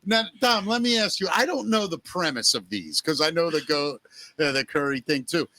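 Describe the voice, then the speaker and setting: A male podcast host talks casually, in a blunt and enthusiastic way. His voice is high and bright, recorded dry and close. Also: expressive, moderate pace, dry recording.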